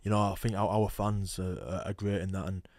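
A young man, a rugby player guest telling animated stories in a casual podcast chat. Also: deep voice, brisk. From England. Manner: storytelling, animated quoting, laughs often. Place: podcast studio.

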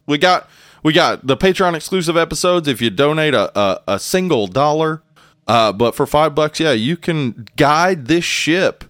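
A young adult man co-hosting a podcast, chatting casually in a relaxed, rambling way with many restarts. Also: fairly high pitch, normal speed, dry recording, studio quality. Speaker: podcast co-host. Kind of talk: casual chat.

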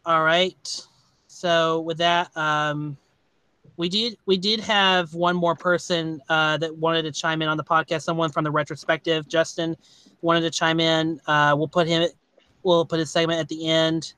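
A man hosting a podcast, talking casually about a movie in a rambling, halting way with many restarts. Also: a little high, level tone, sharp tone, smooth, no room sound. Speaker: podcast host. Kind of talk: casual movie review chat.

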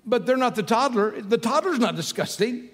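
A man's voice: very high-pitched, lively intonation, normal speed, fairly bright tone. A man preaching a sermon in a conversational way, repeating his key phrases for emphasis. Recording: long hall reverb with faint music.

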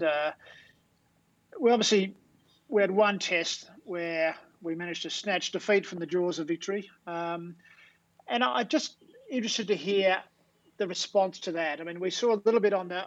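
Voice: mid-range voice, lo-fi sound. A host asking a long, hesitant question, full of ums and uhs. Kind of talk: interview questions.

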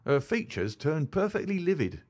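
A male narrator reads a classic story aloud with an animated, rising and falling delivery. His voice sits a little high for a man and changes pitch for each speaker. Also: moderate pace. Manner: lively, shifts pitch to voice characters. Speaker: audiobook narrator. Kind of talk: scripted narration.

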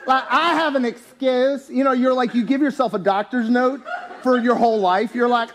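A man preaching a sermon in a church, animated and joking, rising to shouts at his peaks. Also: very high-pitched, normal speed. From US, town near country. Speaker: pastor.

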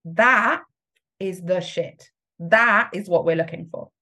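Woman coach, lowish voice, emphatic motivational talk, laughs often and acts out inner voices. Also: slow, sharp tone. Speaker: business coach.

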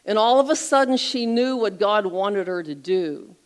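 A middle-aged woman retelling an inspirational story on a Christian talk show, expressive and lively as she narrates. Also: mid-range voice, normal speed, poor audio.

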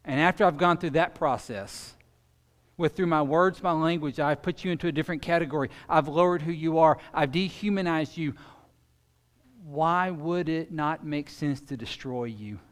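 Pastor, male, higher voice, animated sermon delivery, long hall reverb. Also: moderate pace. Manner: animated preaching that swings between loud emphasis and quiet intensity.

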